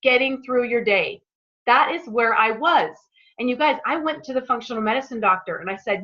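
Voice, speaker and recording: Woman, earnest, chatty, emotional, forceful bright tone, muffled call audio. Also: on the high side, animated, a little fast. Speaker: product presenter. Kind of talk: casual talk to a group call.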